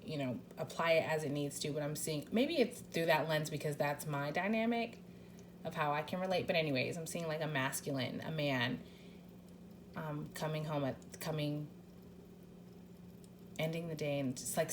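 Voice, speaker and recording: Low-voiced woman giving a rambling tarot reading. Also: moderate pace, a little hiss or hum. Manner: chatty and rambling, many fillers and restarts, swears casually. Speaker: tarot card reader. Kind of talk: casual pick-a-card tarot reading.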